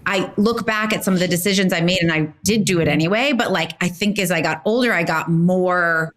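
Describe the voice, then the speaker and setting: A woman's voice: lowish voice, fairly quick. A woman hosting an interview podcast, chatting casually and reflecting on her own experience. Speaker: podcast host.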